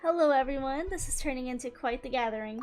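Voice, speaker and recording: A woman's voice: sits high, quick pace, darkish tone, faint music behind. Playful, giggly woman playing a game. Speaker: gaming streamer. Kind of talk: let's-play commentary and reading dialogue.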